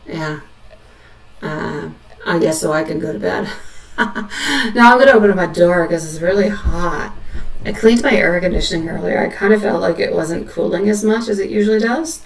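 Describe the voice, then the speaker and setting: A woman's voice: fairly low pitch, moderate pace, creaky, reverberant, recorded from a distance, poor audio. A woman giving a live tarot reading, speaking tenderly and reassuringly and calling listeners sweetheart. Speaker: tarot reader.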